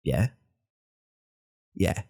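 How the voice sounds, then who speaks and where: A man's voice: drawn-out words, mellow. A man, voicing a self-important, insecure male podcaster in a whispered role-play who rambles and corrects himself. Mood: rambling. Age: 30s. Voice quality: gravelly, husky low voice. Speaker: podcast host.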